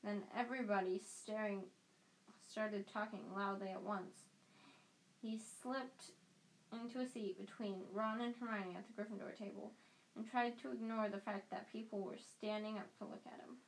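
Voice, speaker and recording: A woman's voice: mid-range voice, fairly even intonation, normal speed, slight background noise, low-quality recording. A woman reading a novel aloud in an unpolished way, often stumbling and starting a phrase over. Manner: unpolished, frequent restarts. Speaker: audiobook reader.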